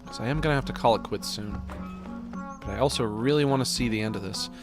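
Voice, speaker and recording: A man's voice: mid-range voice, quick pace, music in the background. A man streaming a video game, chatting casually and laughing at his own silly voices. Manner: chatty, self-amused, puts on silly accents. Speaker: gameplay streamer. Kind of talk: casual let's-play commentary.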